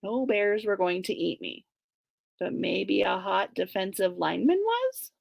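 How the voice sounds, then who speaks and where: Author, woman, animated reader with whispered asides, wide-ranging gravelly voice. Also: mid-range voice, measured pace, dry recording, lo-fi sound. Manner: expressive, lively, with whispered asides. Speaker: guest author. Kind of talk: animated reading of her own novel.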